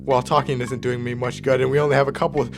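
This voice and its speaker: A young man reading a story game aloud, reacting with excited outbursts and laughter. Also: medium pitch, racing, faint music behind. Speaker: gamer playing a story game.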